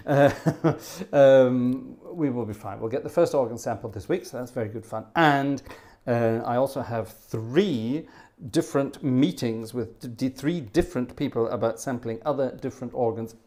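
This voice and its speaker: A man's voice: mid-range voice, moderate pace, warm tone. A man hosting a livestream, chatting casually in a rambling way and laughing often. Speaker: livestream host.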